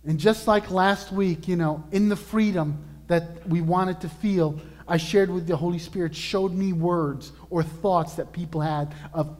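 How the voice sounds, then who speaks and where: A man preaching a sermon as pastor, earnest and emphatic, slowing down to stress key words. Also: high-pitched, steady tone, a little mellow, big-room sound. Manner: earnest, emphatic preaching with slow drawn-out lists.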